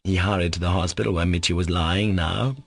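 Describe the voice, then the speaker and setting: A man narrating a classic novel as an audiobook in a measured reading. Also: deep voice, steady tone, gravelly, dry recording, clean studio sound. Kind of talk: scripted narration.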